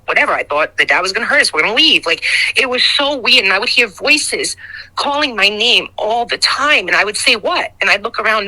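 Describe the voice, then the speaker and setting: A woman tells her own story on a call-in show. Her voice is very bright and sharp. She speaks candidly and haltingly, with plenty of restarts and deep feeling. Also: poor audio. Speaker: caller. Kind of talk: personal account on a talk show.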